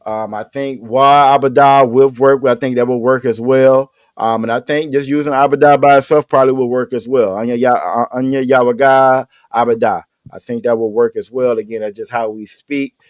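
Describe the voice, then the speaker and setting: A man's voice: medium pitch, fairly even intonation, moderate pace, few pauses, no room sound, studio quality. A man teaching an online language class, patiently repeating his questions and joking casually with his students.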